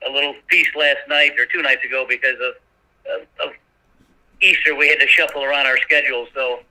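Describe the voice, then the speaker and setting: An older man talking as a guest in a folksy, chatty way, pausing with fillers. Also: mid-range voice, fairly even intonation, pushed and bright, poor audio. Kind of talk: casual chat.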